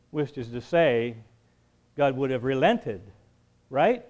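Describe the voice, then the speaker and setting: A man as pastor, preaching a conversational sermon with joking asides and shifts between quiet talk and emphatic build-ups. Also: mid-range voice, very animated, slow pace, long pauses, muffled recording.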